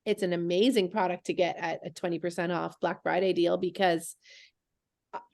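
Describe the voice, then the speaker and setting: A woman's voice: lowish voice, little pitch movement, normal speed, vocal fry, a little mellow. A woman hosting a casual group call, chatty and loose, laughing and trailing off as she talks. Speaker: host of a product call.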